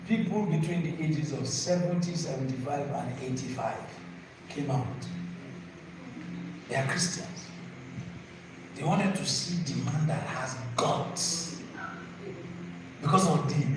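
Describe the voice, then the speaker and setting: A man with a Nigerian accent preaching to a live audience, telling a story with animated, shouted voices of the crowd. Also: on the high side, slow, pauses often. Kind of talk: sermon storytelling. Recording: echoey hall, distant mic, noisy.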